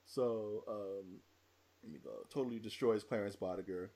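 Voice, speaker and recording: A man hosting a casual film review chat, rambling through scene retellings with excitement. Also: on the low side, normal speed.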